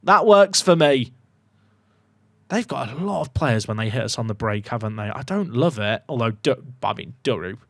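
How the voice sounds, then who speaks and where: A man commentating his own football management game for viewers, muttering asides and bursting into excited shouts. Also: mid-range voice, normal speed, no room sound. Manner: swings between mumbled asides and excited shouts. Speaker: video game streamer.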